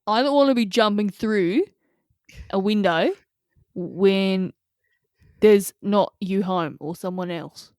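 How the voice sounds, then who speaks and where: Woman doing a casual laid-back caller, says mate, mid-pitched, dry sound. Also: slow, long pauses, a little mellow, clear, resonant tone, no room sound. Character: casual woman caller, blokey Australian slang.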